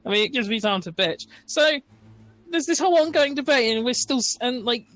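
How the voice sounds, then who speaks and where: Male let's-player, high-pitched, sarcastic and ranty over gameplay. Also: lively intonation, a little fast, bright, forceful tone, dry recording, faint music behind. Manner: ranting, sarcastic, swears. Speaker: let's play host. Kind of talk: casual gaming chat.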